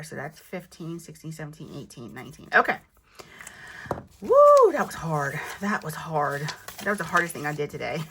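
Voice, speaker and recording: Bright-voiced chatty woman counting cash. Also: fairly low pitch, a little hiss or hum. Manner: chatty, counts money aloud, self-teasing. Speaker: budgeting vlogger. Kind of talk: casual chat while counting cash.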